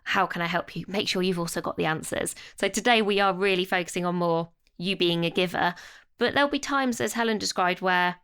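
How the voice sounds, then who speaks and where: A woman's voice: fairly low pitch, a little fast, a bit bright, clean tone. A woman co-hosting a career podcast in casual chat. She is reflective and self-deprecating, and shares personal anecdotes. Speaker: podcast co-host.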